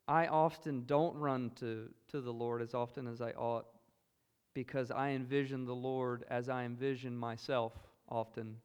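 A man with a Southern US accent preaching a sermon, earnest and emphatic, moving between loud exclamations and hushed asides. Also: medium pitch, little pitch movement, normal speed, clean tone. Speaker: pastor. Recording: long hall reverb.

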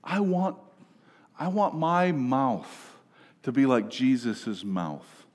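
Pastor guy preaching slow, kinda emphatic, goes quiet then loud, big church echo. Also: mid-range voice, sing-song. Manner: emphatic preaching, swings between hushed and raised. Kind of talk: sermon. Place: church sanctuary. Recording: church hall reverb.

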